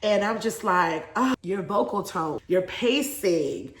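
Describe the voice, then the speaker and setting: A young adult woman vlogger telling a casual story in a chatty, animated way, laughing often. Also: mid-range voice, takes it slowly, roomy sound.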